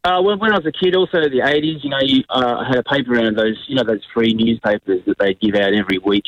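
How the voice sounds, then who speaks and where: A man's voice: mid-range voice, quick pace, no room sound. Hesitant man on a phone call. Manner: hesitant, many fillers. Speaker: caller. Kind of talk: phone-in chat. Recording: phone line.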